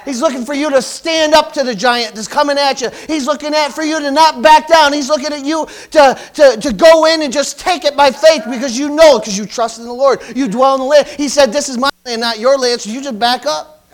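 A man's voice: very high-pitched, a little fast. A male pastor preaching a fervent sermon, calling out hallelujahs and repeating lines for emphasis.

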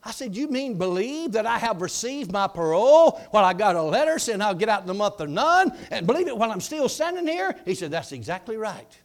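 Preacher guy, high gravelly voice, tells it big and shouts the declarations. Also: sing-song, brisk, hardly any pauses. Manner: dramatic storytelling, shouting declarations. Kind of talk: testimony sermon.

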